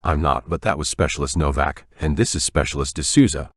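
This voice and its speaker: A steady, placating man tries to keep the peace between the others, as the narrator voices him. The voice is extremely deep. It is recorded dry, with no room sound. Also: a little fast, dry recording. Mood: calm. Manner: calm, placating. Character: calm, patient adult man, a father keeping the peace.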